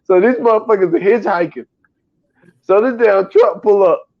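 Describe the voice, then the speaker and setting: High-voiced man recapping a movie, laughing. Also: moderate pace, creaky, lo-fi sound. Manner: animated storytelling, laughs often, acts out quotes. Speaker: podcast co-host. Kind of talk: casual movie recap chat.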